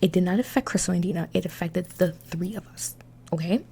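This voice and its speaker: A young woman telling a dramatic storytime in a casual, animated way, swearing freely. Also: fairly low pitch, a little fast, creaky, slight background noise. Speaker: vlogger.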